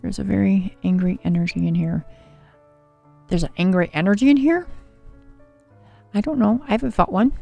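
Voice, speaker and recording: Gravelly-toned woman reading tarot on a livestream. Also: medium pitch, moderate pace, long pauses, darkish tone, soft background music. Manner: soothing, chatty, reads viewer names and card meanings. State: slightly scratchy voice from a cold. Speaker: tarot reader and livestream host.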